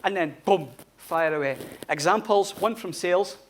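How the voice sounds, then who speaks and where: Man, fairly high voice, blunt and sweary, conference talk. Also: normal speed, a little hiss or hum. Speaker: conference speaker. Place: conference hall.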